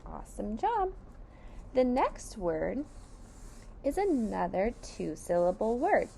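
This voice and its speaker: Sounding out each letter and syllable, a woman with a fairly high, sing-song, gravelly and dark voice teaches young children phonics and sight words at a slow, careful pace, praising them as she goes. A little hiss or hum can be heard.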